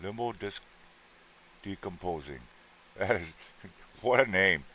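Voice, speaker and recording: A man's voice: low voice, animated, slow, bright, forceful tone. A man hosting a casual livestream, chatting loosely with viewers, greeting them by name and joking around, his voice a little worn. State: voice worn out from an earlier show. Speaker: livestream host.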